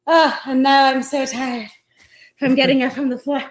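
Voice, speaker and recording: A high-voiced woman hams it up with overwrought, theatrical delivery. She is heard over an online call from a roomy, echoing space. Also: flat delivery, normal speed, a little hiss or hum. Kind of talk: comedic melodrama.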